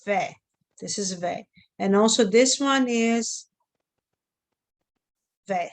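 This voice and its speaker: A woman's voice: mid-range voice, slow pace. Patient woman teaching a class online, checking on her students. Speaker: Hebrew teacher.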